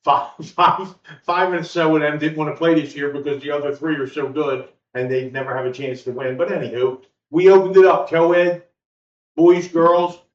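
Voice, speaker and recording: A man's voice: fairly high pitch, fairly even intonation, moderate pace. A man co-hosting a podcast, talking casually and plugging a local charity football game. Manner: easygoing, loose chat that drifts into plugging a local charity game. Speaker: podcast co-host. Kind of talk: casual chat. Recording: roomy, distant, muffled home recording with faint background noise.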